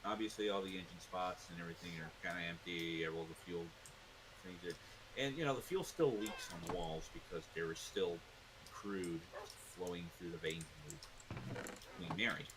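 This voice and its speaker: A man's voice: deep voice, moderate pace, background noise. A man casually telling a rambling, laid-back story to a co-host. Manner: rambling, laid-back, uses fillers like blah blah blah.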